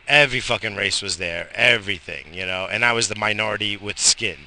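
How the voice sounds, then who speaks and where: Gravelly, profane rambling man. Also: on the low side, a little fast, sharp tone, slight background noise. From Long Island, New York. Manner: profane, rambling, restarts and trails off. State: slightly high. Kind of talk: rambling casual monologue. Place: outdoors in bright sun.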